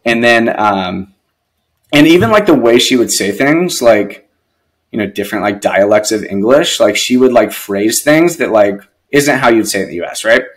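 A man's voice: medium pitch, expressive, normal speed, rough recording. A man who is a guest on a podcast, telling stories casually and rambling with lots of filler words. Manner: rambling, heavy use of "like". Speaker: podcast guest, real estate investor. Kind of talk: casual storytelling.

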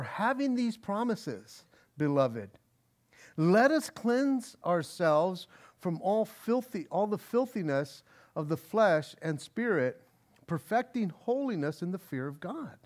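A pastor preaches an expository sermon from the pulpit in a high voice that swings widely in pitch. He's earnest, often stammering and restarting words as he works through the text, and slows down to read scripture aloud.

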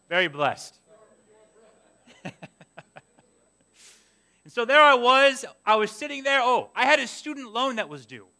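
A young adult man preaching a sermon, telling a personal story in an animated way and acting out his own past complaints. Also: sits high. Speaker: pastor.

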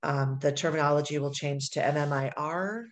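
A woman's voice: low voice, moderate pace, slight background noise. A woman interviewer who affirms her guest and sums up what she has heard. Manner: affirming, summarizing back. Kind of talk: conversational interview.

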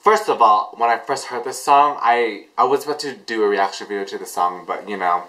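A man hosting a casual reaction vlog, gushing and excitable, breaking into delighted shrieks. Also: on the low side, brisk, rough recording. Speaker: reaction video host.

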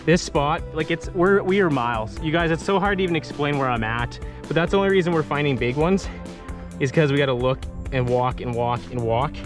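A young man from Saskatchewan, vlogging casually while wading in a weedy creek, often breaking into excited exclamations. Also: fairly high pitch, fairly quick, music in the background. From Saskatchewan, Canada. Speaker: fishing vlogger. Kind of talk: casual outdoor vlog narration. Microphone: phone camera.

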